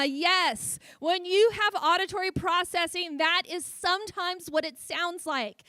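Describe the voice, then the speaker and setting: At a luncheon in an event hall, a woman in her forties gives a humorous public speech while stuttering, frequently repeating sounds. She has a very high, bright, forceful voice and an unhurried delivery, and the recording is dry.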